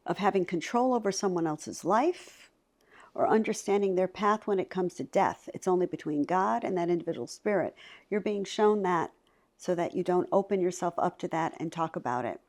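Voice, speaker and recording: Middle-aged woman telling stories, gets lively and acts out the voices, medium-pitched. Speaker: psychic medium guest. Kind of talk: storytelling in a conversation.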